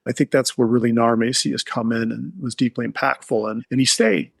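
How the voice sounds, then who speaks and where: A man's voice: mid-range voice, flat delivery, brisk, creaky, no room sound. A man being interviewed, telling a client's recovery story in an earnest, heartfelt, rambling way. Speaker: addiction therapist, guest.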